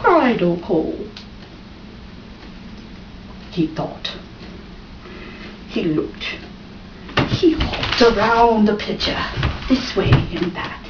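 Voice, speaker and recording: A woman telling a fable in an expressive storytelling style, dramatic with sudden pitch jumps and whispered asides. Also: slow, pauses often. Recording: roomy, distant, dull and noisy.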